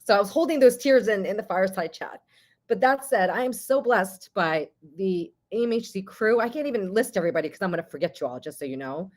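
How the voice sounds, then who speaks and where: A woman, the board chair, giving warm, emotional closing remarks over a video call at a virtual conference. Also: mid-range voice, expressive, a little fast. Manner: emotional, effusive, chatty.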